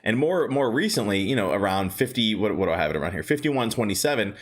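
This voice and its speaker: A man's voice: on the low side, lively intonation, fast. A man hosting a casual stock market livestream, chatty and upbeat, greeting viewers by name and telling rambling stories with lots of fillers. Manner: rambling storytelling with many fillers.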